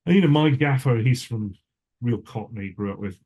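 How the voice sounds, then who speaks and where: A man's voice: mid-range voice, moderate pace, dark tone, husky, lo-fi sound. An older man, a cinematographer, telling stories in a casual interview, rambling and restarting himself often. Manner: rambling, self-interrupting storyteller; frequent restarts and asides.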